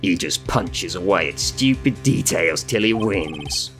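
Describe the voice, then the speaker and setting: A gruff, bellowing loan-shark thug from a video game, put on by a man. He barks in an exaggerated Brooklyn drawl, the voice gravelly and low underneath. Tough-guy slang runs through every line. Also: expressive, unhurried, a bit bright, faint music behind, heavily acted. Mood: threatening. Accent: put-on Brooklyn gangster. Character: brash loud male loan-shark gangster.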